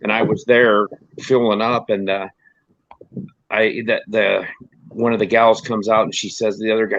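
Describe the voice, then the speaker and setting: A man's voice: lowish voice, level tone, moderate pace, a bit bright, dry recording. Rambling American man telling road stories. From United States. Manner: rambling storyteller, laughs often. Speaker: podcast host. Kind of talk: casual chat. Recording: dull lo-fi dry recording.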